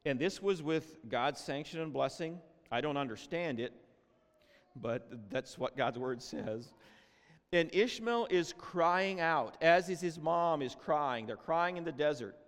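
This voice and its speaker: A man preaching a sermon with emotion, often repeating and restarting words, shifting between loud cries and hushed tones. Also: fairly high pitch. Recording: long hall reverb.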